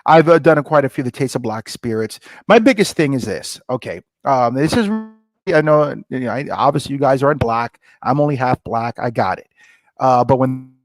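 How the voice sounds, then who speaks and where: Middle-aged male guest, energetic storyteller who acts out both sides of a conversation, dry close mic. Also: mid-range voice, brisk, no room sound. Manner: lively storyteller, acts out dialogue with rising excitement. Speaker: scotch company founder, guest. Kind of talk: animated storytelling interview.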